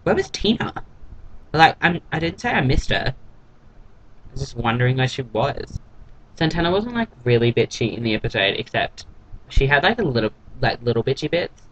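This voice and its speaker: A man's voice: mid-range voice, very animated, moderate pace, slight background noise, low-quality recording. A man giving a casual, gossipy vlog recap of a TV episode in a catty, sarcastic way. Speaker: TV episode reviewer.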